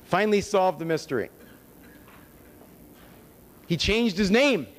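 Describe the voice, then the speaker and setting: A fairly high-voiced American man speaks at a conference with a casual, sardonic delivery and pointed rhetorical questions. His voice rings with the long reverb of a large hall. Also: lively intonation, measured pace, slight background noise. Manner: conversational and sardonic, with wry asides and rhetorical questions. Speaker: conference lecturer. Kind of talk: public lecture with slides.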